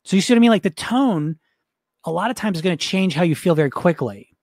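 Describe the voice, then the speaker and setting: A man's voice: sits high, animated, fast talker, darkish tone, no room sound, studio quality. A man coaching in a casual teaching talk, conversational, often checking in with the listener and restarting his sentences. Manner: frequent restarts and fillers.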